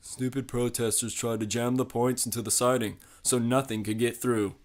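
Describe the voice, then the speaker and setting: A man's voice: mid-range voice, level tone, normal speed, lightly acted. A man voicing a tired, helpful male signalman who talks plainly. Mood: reassuring.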